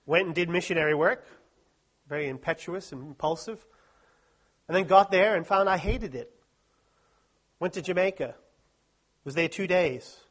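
A man with a slightly high, somewhat bright voice addresses a live audience at a Christian study week. His talk is funny and self-deprecating, full of jokes and chatty asides.

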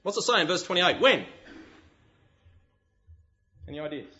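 A man preaching a sermon, animated and full of rhetorical questions. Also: high-pitched, unhurried, highs cut off.

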